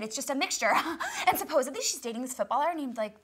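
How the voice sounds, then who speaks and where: A woman's voice: high-pitched, big pitch swings, fast talker, hardly any pauses, fairly bright tone, breathy edge. A young woman vlogger gushing about celebrities, full of "like" and giggles. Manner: valley girl, fillers of "like", giggly.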